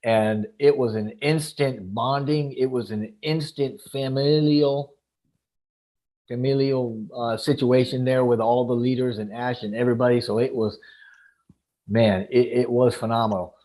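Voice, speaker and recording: Man, guest speaker, mid-pitched voice, excited, restarts and searches for words. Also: unhurried. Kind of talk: enthusiastic casual talk.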